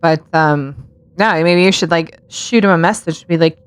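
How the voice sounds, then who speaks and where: A woman's voice: on the low side, normal speed, clean tone, no echo. Joking, laughing woman podcast host. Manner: joking, laughs often, swears casually. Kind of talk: casual podcast chat.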